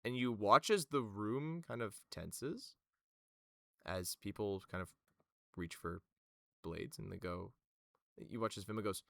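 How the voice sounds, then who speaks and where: Slow, gravelly male game master. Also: fairly low pitch, pushed and bright, no echo, clean studio sound. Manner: slow, descriptive narration. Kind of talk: narrating a tabletop game.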